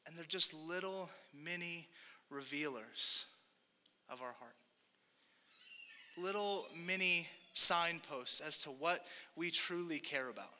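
A man's voice: on the high side, slow, bright, forceful tone. A young man preaching a sermon as pastor, in a conversational, rambling way with jokey asides and self-corrections. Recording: long hall reverb.

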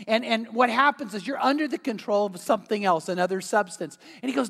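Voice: mid-range voice, fast talker, creaky, few pauses, fairly bright tone. Pastor preaching in a reverberant hall. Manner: earnest, conversational preaching with rhetorical questions. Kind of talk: sermon.

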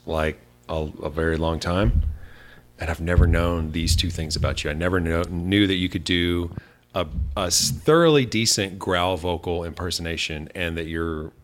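A man's voice: deep voice, normal speed. A young man co-hosting a podcast in casual chat, asking wry, dry questions. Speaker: podcast co-host.

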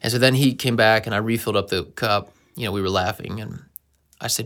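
A man's voice: on the low side, a little fast, a bit bright. A man in a casual conversation, telling stories in an earnest, anecdotal way.

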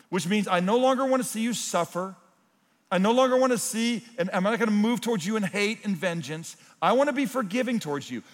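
A man delivers a sermon from the pulpit. His voice sits a little high for a man and carries a long reverb through a large hall. He moves between forceful, emphatic declarations and quiet, intimate asides. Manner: earnest preaching, swings between loud emphatic points and hushed, intimate asides. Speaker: pastor.

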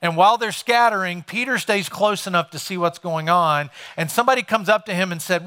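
A man preaching a sermon in a bright, forceful voice, pitched a little higher than most men. He tells the scripture story conversationally, as a pastor putting old words into plain modern talk. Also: brisk, few pauses.

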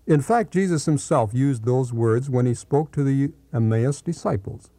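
A man reading a Bible commentary aloud in a measured, deliberate teaching manner. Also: mid-range voice, dark tone, dry recording.

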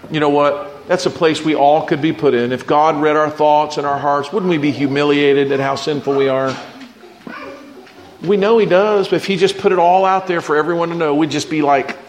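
A man's voice: a little high, normal speed, a little hiss or hum. A man preaching a sermon to his church in a conversational way. He asks the congregation questions and acts out the voices of people he quotes. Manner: acts out quoted voices, repeats words when starting sentences. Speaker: pastor.

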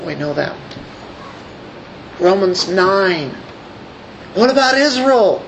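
A man's voice: on the high side, slow, gravelly, pauses often, fairly bright tone, a little hiss or hum, low-quality recording. A man preaching a sermon as a pastor. He reads scripture aloud and puts questions to his congregation.

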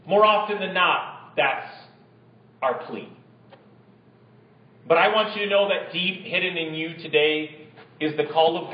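A pastor preaching a sermon, reading scripture aloud and calling out to the congregation. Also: male voice, high-pitched. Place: church. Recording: echoey, dull-sounding church recording.

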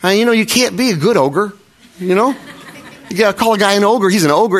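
A middle-aged pastor preaches a sermon in a high-pitched voice at a slightly quick pace. His delivery is conversational and self-deprecating, full of restarts and small acted-out quotes.

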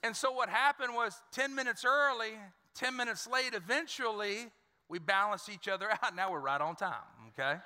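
A man's voice: sits high, sharp tone. Male pastor, emphatic sermon, repeats himself, long hall echo. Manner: emphatic, repeats words, calls out to congregation. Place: church sanctuary. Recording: church hall reverb.

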